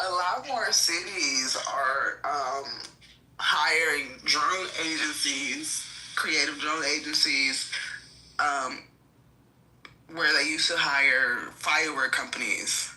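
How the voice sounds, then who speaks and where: A woman chatting on a group call in a measured way. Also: deep voice, bright, forceful tone, echoey room, poor audio. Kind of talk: casual group chat.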